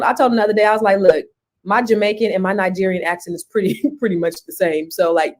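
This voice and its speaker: A woman's voice: mid-range voice, darkish tone. Enthusiastic female talk-show co-host. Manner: affirming, enthusiastic, repeats phrases for emphasis. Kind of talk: casual chat.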